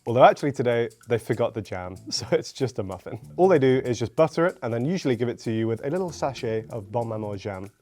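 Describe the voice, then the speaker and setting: A British man hosting a food review show, talking in a dry, measured, lightly amused way. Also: mid-range voice, lively intonation, warm tone, faint music behind. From United Kingdom. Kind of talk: casual food review narration.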